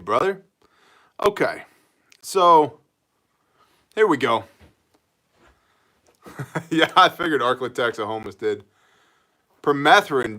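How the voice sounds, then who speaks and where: A man hosting a casual livestream, reading out viewer comments and greeting people with quick jokes. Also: medium pitch, bright, forceful tone. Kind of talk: casual live chat.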